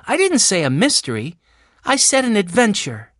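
A woman doing a practical, motherly older sister from a storybook, brisk and organizing, pitched a little high. Very lively voice, dry close sound. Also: no echo.

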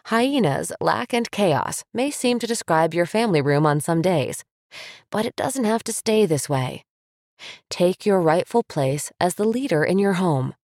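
A mother narrating a parenting book in a steady, firm, instructive way. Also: fairly low pitch, dry recording, clean studio sound.

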